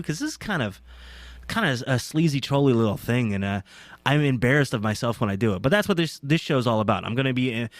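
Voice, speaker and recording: A man's voice: mid-range voice, dry recording. A young man hosting his own show, rambling casually and self-deprecatingly, with many fillers and restarts. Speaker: podcast host. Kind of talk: casual solo talk. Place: indoors, on a couch.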